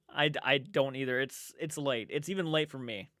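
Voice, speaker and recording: A man's voice: medium pitch, normal speed, fairly bright tone, no echo, clean studio sound. A young man hosting a casual late-night livestream, reading chat aloud in a sleepy, yawning, rambling way with restarts. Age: young adult.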